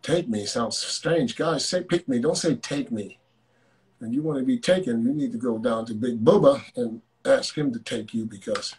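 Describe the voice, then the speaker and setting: A man's voice: medium pitch, moderate pace, a little mellow. A man hosting a live call-in stream, joking bluntly and swearing freely while he chats with callers. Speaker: host of a live call-in show. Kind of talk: casual live-stream chat.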